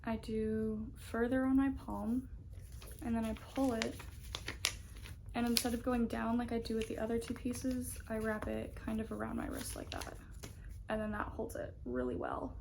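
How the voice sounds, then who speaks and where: A woman's voice: on the high side, moderate pace, vocal fry, noisy background. A woman in her twenties, a college student, chatting casually and upbeat to the camera in a rambling vlog. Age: 20s.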